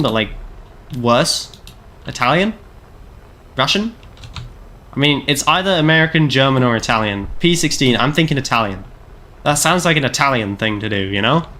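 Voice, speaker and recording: A man's voice: medium pitch, expressive, normal speed, long pauses, bright, forceful tone. A man, chatting casually and rambling with self-deprecating jokes while streaming a game. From Canada. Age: 20s. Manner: rambling, self-deprecating, jokey, lots of "like" fillers. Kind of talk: casual gameplay live-stream chat.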